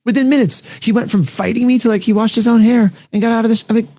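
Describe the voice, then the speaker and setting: A man's voice: extremely high pitch, fairly even intonation, warm tone, no echo, studio quality. A man hosting a casual panel chat on a video call, upbeat and enthusiastic as he tells stories. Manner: fast, upbeat, enthusiastic storyteller. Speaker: podcast host.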